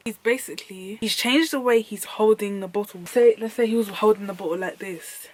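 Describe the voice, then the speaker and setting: Animated woman telling a story. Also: medium pitch, brisk, few pauses, dry recording. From United Kingdom. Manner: animated, slangy, emphatic repetition. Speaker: vlogger. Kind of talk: storytime vlog.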